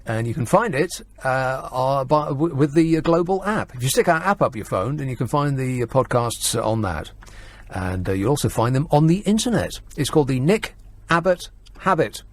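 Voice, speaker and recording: A man's voice: medium pitch, very animated, normal speed. A man hosting a talk radio phone-in, sardonic and mocking, laughing often.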